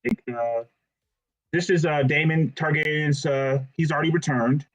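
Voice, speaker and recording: A man's voice: fairly high pitch, normal speed, poor audio. Joking man recapping a show. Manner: joking, wry. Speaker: podcast co-host. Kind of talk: casual chat, recapping a show.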